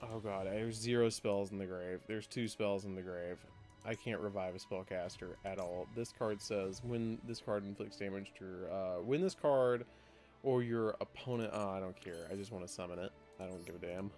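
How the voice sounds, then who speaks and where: A man streaming a card game live, chatting excitedly to his viewers, laughing often and muttering through his plays. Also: lowish voice, normal speed, faint music behind. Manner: excitable, laughs a lot, talks to chat.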